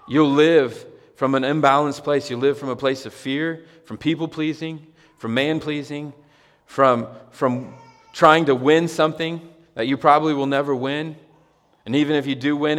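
A man preaching a sermon in a mid-pitched voice, with a long hall reverb trailing each phrase. He talks in a loose, conversational way, then builds to emphatic, repeated cries. Only his voice is heard. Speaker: pastor. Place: church hall with a congregation.

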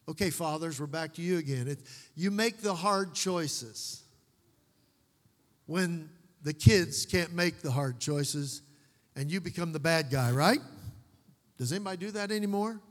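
Deliver as a folksy preaching man in a reverberant hall. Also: fairly high pitch. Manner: folksy, joking asides with slow emphatic repetition. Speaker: pastor. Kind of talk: sermon.

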